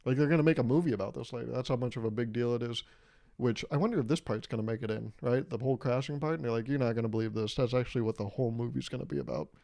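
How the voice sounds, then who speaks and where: A man's voice: mid-range voice, rapid-fire, vocal fry, dark tone. A young man hosting a casual solo podcast, rambling through a story and laughing at his own jokes. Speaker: podcast host.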